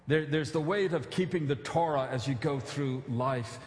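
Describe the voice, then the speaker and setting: A man's voice: a little high, normal speed, darkish tone. A man pastor preaching a sermon, earnest, with emphatic pleading appeals and casual asides. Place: church sanctuary. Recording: echoey church hall.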